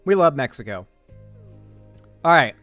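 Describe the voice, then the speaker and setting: A man's voice: fairly high pitch, sing-song, unhurried, a bit bright, no room sound, faint music behind. A young man hosting a political stream, reading chat and rambling casually with restarts.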